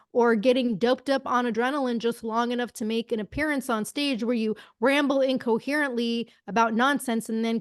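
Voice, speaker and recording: A woman's voice: on the high side, no room sound, clean studio sound. A woman co-hosting a political podcast, speaking with scornful sarcasm and blunt profanity. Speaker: podcast co-host.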